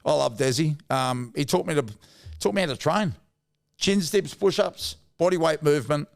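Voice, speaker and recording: A man's voice: on the high side, moderate pace, vocal fry. A man in his fifties with an Australian accent, a former footballer telling blunt, slangy stories as a guest in a casual interview. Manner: blunt, laddish yarn-telling with slang and swearing. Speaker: guest, former rugby league player.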